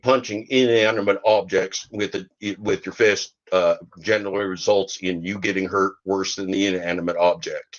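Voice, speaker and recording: A man's voice: low-pitched, fairly even intonation, normal speed, few pauses, lo-fi sound. A middle-aged man hosting a podcast, rambling and joking in folksy grammar. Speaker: podcast host. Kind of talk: rambling comic monologue.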